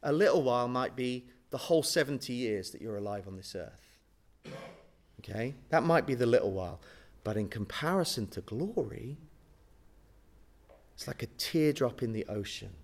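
A man preaching a sermon, swinging between booming emphasis and hushed, slowed-down words. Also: expressive. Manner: slows and stretches key words for emphasis.

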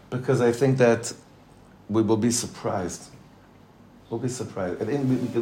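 A man's voice: lowish voice, darkish tone, a little hiss or hum. A man, a rabbi, teaching a Torah class, probing his students with questions and mixing in Hebrew terms.

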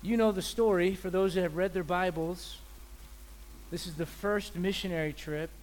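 A man preaching a sermon as pastor, telling animated stories and acting out the people in them. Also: high-pitched, moderate pace, slight background noise. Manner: animated storyteller, acts out people's voices. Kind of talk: sermon with storytelling.

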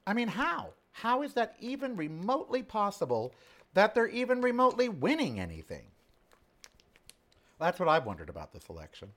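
A man's voice: high-pitched, huge pitch swings, normal speed, fairly bright tone. A sixty-year-old man hosting a casual home cooking show, chatting and giving sassy, opinionated asides while he works in his kitchen. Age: 60s.

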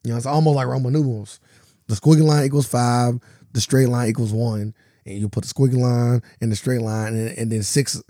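A man's voice: mid-range voice, steady tone, a little fast, warm tone, dry recording, clean studio sound. A man co-hosting a podcast in rambling, slangy casual chat, full of fillers. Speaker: podcast co-host.

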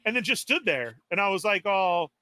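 A man's voice: high voice, very animated, moderate pace, bright, forceful tone, dry recording. A man animatedly telling a story on a live stream podcast, exasperated and acting out his own quotes. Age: adult. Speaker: toy podcast co-host.

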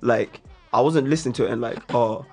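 A man talking fast in a loose, insistent way, pushing his point in a casual back-and-forth. His voice has a husky edge, and faint music plays underneath. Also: mid-range voice. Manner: insistent, argumentative, slangy. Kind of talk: casual debate chat.

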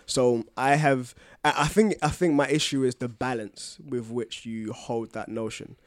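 A man co-hosting a podcast in casual chat, telling lively stories and breaking into loud laughs. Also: medium pitch, a little slow, no room sound, clean studio sound. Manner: animated storyteller, bursts into loud laughter. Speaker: podcast co-host.

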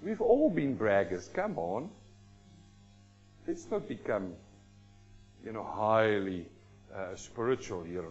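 A man preaching a sermon to a congregation, lively and theatrical, breaking into quick acted-out asides. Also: fairly low pitch, highs cut off, soft background music. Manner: animated, acts out everyday people in quick asides. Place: church congregation hall.

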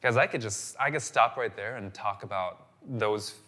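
A man's voice: fairly low pitch, normal speed. A man preaching a sermon as a pastor, telling stories animatedly and repeating phrases for emphasis. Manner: animated storytelling, repetitive phrasing.

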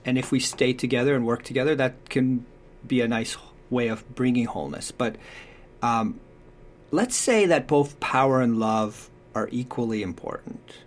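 A man talking earnestly about parenting in a relaxed conversation, acting out what parents and children say. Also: mid-range voice, normal speed. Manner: acts out quoted voices, thoughtful and earnest. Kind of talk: conversational advice talk.

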